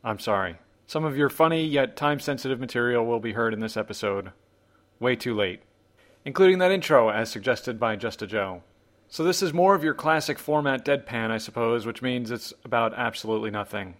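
A man hosts a podcast in a relaxed, offhand monologue. His voice sits in a middle register. His humor is dry and self-deprecating. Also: mid-range voice, brisk. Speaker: podcast host.

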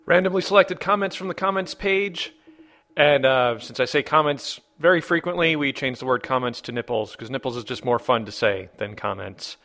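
A man's voice: medium pitch, lively intonation, moderate pace, pushed and bright. A man hosting a podcast who reads listener comments in a joking, rambling way. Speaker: podcast host. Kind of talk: casual podcast banter.

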